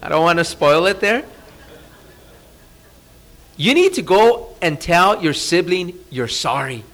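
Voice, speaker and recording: A man preaching a sermon as a pastor, talking conversationally, asking the audience rhetorical questions and dropping to a hushed voice for emphasis. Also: high voice, big pitch swings, slow pace. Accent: Californian. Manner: drops to a soft, hushed voice for emphasis. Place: church.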